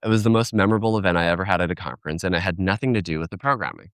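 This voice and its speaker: A man's voice: sits low, lively intonation, racing, a bit bright, clean tone, no room sound, clean studio sound. A man speaking as a keynote speaker in a conversational podcast interview, telling stories animatedly and acting out quoted voices.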